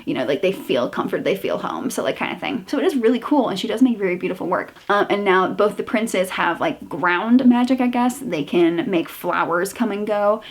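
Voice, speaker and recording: A woman chats through her book reviews in a relaxed, everyday voice, piling up fillers as she goes. Her talk has a steady exasperated edge, like a reader venting to friends. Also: medium pitch, fairly quick, hardly any pauses. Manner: chatty, filler-heavy, exasperated ranting. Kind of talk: casual book review chat.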